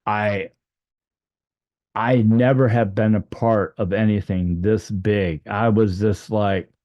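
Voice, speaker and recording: A man's voice: fairly low pitch, steady tone, measured pace, mellow, no echo, lo-fi sound. A man telling a personal story in a rambling way, full of fillers and restarts. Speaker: near-death experience storyteller.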